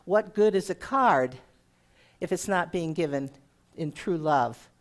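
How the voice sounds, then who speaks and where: Woman, middle-aged, guest minister, conversational sermon, slightly low voice, asks the congregation questions. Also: animated, measured pace. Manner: warm conversational preaching with audience questions.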